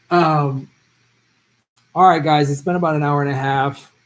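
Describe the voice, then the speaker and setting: A man's voice: on the high side, low-quality recording. A man hosting a casual live stream at home, chatting easygoing with viewers and laughing often, his voice tiring after a long session. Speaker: live stream host answering viewer questions.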